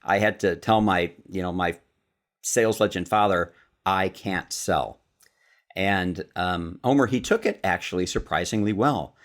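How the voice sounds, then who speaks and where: A man from Chicago tells stories as a podcast guest. His speaking voice sits very low, and he is a lively storyteller who acts out quoted lines. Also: normal speed.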